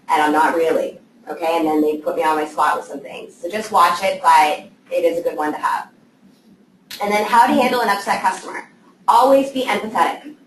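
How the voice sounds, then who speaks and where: A woman giving a casual training talk to a live group of assistants, checking in with them often. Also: medium pitch. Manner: conversational, checks in with "okay?". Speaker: trainer for real estate assistants. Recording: echoey room, voice from far off, faint noise.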